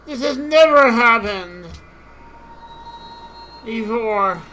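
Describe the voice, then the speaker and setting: A woman playing a strategy game live, exasperated, repeating herself and shouting at units on screen. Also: a little high, expressive, slow pace, pauses often, faint music behind, poor audio. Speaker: gamer.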